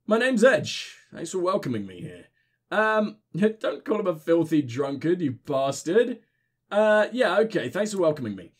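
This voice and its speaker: A man hosting a let's play, giving excitable, jokey commentary and swearing freely. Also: on the high side, measured pace, slightly rough. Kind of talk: casual gameplay commentary.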